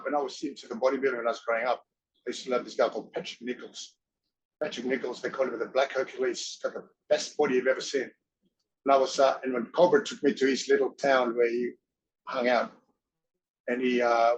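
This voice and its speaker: Animated man telling stories. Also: mid-range voice. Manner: animated, acts out others' voices in his anecdotes. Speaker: interview guest, actor and wrestler. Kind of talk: casual storytelling chat. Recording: dull, muffled audio.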